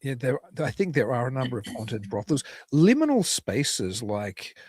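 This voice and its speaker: A man's voice: mid-range voice, sing-song, moderate pace, darkish tone, breathy edge, dry recording. A man hosting a podcast interview over a video call, talking in a rambling way with dry humor. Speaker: podcast host.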